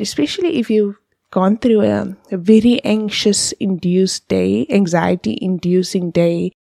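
A woman's voice: medium pitch, creaky, mellow, no room sound, clean studio sound. A woman, hosting a podcast and explaining things step by step with vivid examples, sometimes dropping to a whisper. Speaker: podcast host.

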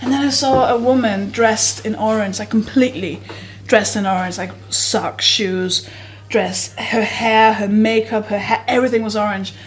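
A woman co-hosting a comedy podcast, telling stories in a casual, giggly way and bursting into shouted quotes. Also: medium pitch, normal speed. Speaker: podcast co-host.

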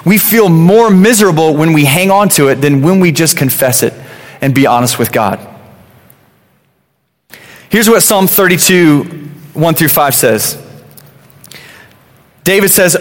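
A man in his thirties gives a relaxed, chatty sermon, stumbling over and repeating his words as he goes. His voice sits a bit high for a man. Long reverb from a large church hall trails after every line. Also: unhurried, long pauses. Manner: conversational, repeats words, many "you know" fillers. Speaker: pastor.

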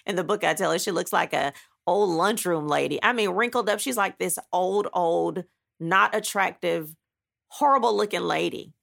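A woman with a deeply gravelly, fry-heavy voice tells her own story as an author. She is blunt and emphatic, dramatizing each step with frequent asides. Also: normal speed, fairly bright tone. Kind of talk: animated personal storytelling.

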